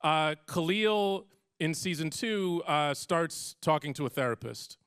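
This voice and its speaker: A man moderating a stage panel, asking relaxed questions with frequent "uh" pauses. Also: a little high, smooth. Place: auditorium stage.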